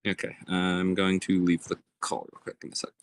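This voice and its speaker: A man's voice: sits low, completely flat delivery, brisk, no room sound. A man chatting casually with his gaming group about a power cut. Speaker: player. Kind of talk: casual chat.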